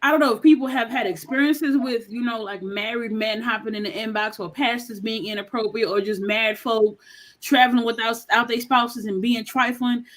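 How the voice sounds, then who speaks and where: A woman's voice: fairly high pitch, steady tone, normal speed, a bit bright. A woman chatting on a podcast, telling stories and quoting what people said. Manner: chatty, storytelling with quoted lines. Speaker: podcast co-host. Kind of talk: casual podcast chat.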